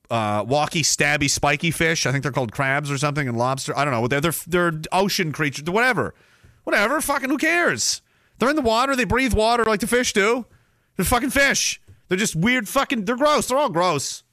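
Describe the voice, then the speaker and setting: A man's voice: high-pitched, a little fast, sharp tone, dry recording, studio quality. A man hosting a podcast, ranting comically and profanely while reading chat, often slipping into mocking voices. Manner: profane, mocking, slips into silly put-on voices. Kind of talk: ranting comedic monologue.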